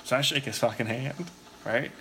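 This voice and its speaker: A man's voice: mid-range voice, normal speed, creaky, sharp tone, slight background noise. A man telling a long story in a rambling, casual way, swearing a lot and filling his talk with "like". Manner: rambling, profane, heavy use of filler "like".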